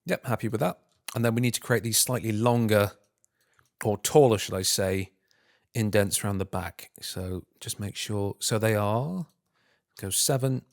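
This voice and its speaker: A low-voiced man narrates a screen-recorded tutorial, talking himself through each step and humming little filler sounds as he works. The recording is dry and close, with no room around it. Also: moderate pace, dry recording. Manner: muttering to himself, humming filler syllables while working; self-deprecating, talking through steps. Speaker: tutorial host.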